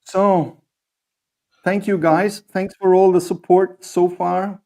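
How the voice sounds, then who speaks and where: A male co-host chats casually on a livestream, his voice sitting a little higher than most men's. He talks in halting bursts, circling back and reaching for the right word before he finishes a thought. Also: level tone, warm tone. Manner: halting, searches for words. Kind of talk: casual chat.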